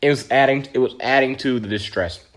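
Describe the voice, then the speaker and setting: A man telling a story in a casual vlog monologue, animated and dramatic, with slangy asides. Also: medium pitch, a little fast.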